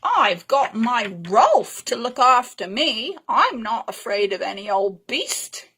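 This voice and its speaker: A woman's voice: fairly high pitch, very animated, slow pace, breathy edge, heavily acted. Woman reader as a chirpy, oblivious storybook lady, lilting. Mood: breezy. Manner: bright, unbothered, chirpy. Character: cheerful, oblivious shopping lady. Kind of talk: storybook read-aloud.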